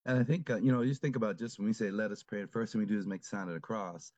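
A man who is a Catholic priest, talking reflectively in a casual conversation, with halting speech and many fillers. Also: fairly low pitch, darkish tone, dry recording.

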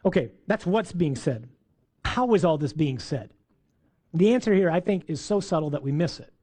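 A man giving a faith lesson on scripture, lively and playful, acting out voices in his asides. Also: fairly high pitch, moderate pace. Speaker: teacher.

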